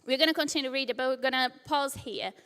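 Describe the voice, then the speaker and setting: A woman's voice: sits high, quick pace, bright, forceful tone, smooth, big-room sound. A woman preaching a sermon in a church, retelling a scripture story with acted-out quotes. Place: church hall.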